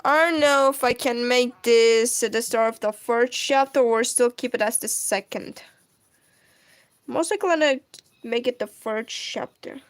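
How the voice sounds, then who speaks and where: A woman's voice: fairly high pitch, measured pace, no echo. A young woman, a native Russian speaker with a Russian accent, chatting casually on a stream and reading out chat questions.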